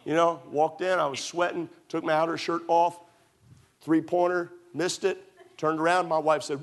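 A man's voice: fairly high pitch, level tone, moderate pace. A middle-aged man pastor preaching a sermon, telling stories with emphatic repetition.

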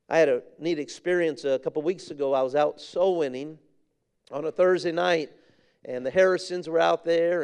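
A man's voice: fairly high pitch, creaky, darkish tone, smooth. A man preaching a sermon with fervor, repeating phrases for emphasis and reading scripture in King James wording. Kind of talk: sermon with a personal story.

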